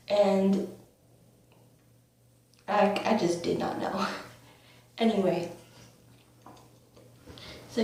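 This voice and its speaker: A young woman in her teens telling a storytime vlog in a rambling, filler-heavy way with bursts of excitement, recorded on a camera mic at home. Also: medium pitch, takes it slowly, pauses often. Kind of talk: storytime vlog, casual chat. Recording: very echoey room, faint hum.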